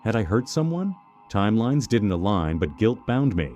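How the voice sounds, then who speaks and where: Male horror narrator, very deep and mellow, dramatic scripted delivery. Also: big pitch swings, moderate pace, faint music behind. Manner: dramatic first-person storytelling.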